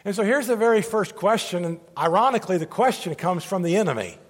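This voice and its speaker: Guy preaching in a big echoey hall, kinda high voice, keeps repeating himself, gets the room to say stuff back. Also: expressive, quick pace. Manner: earnest, repeats phrases and has the congregation say lines back. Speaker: pastor. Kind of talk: sermon. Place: large room with a congregation. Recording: long hall reverb.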